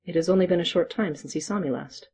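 A storyteller voicing an ancient, brooding male night creature who speaks in formal, measured sentences. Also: mid-range voice, dark tone, slightly rough.

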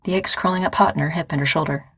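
A woman narrating a story in a calm, measured reading voice. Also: sits low, husky, no room sound, clean studio sound. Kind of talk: audiobook-style story reading.

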